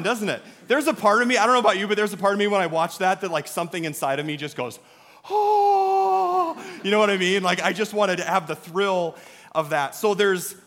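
Male pastor, 30s, storytelling sermon, emphatic and chatty, higher voice, reverberant sanctuary. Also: fairly bright tone. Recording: long hall reverb.

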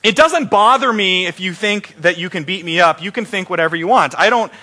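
A man's voice: high-pitched, lively intonation, fairly quick, sharp tone. A middle-aged man preaching an Easter sermon as pastor, joking and playful with his congregation.

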